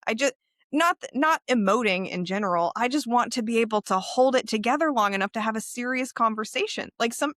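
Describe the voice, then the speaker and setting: A woman's voice: on the high side, animated, brisk, fairly bright tone, no echo, clean studio sound. A woman co-hosting a podcast in casual chat, candid and laughing often, swearing freely. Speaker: podcast co-host.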